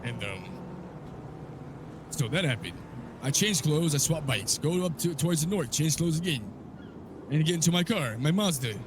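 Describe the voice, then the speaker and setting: Profane, animated storytelling man. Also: fairly high pitch, moderate pace, pauses often, background noise. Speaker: roleplay character telling a story. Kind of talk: in-character story recap in a game.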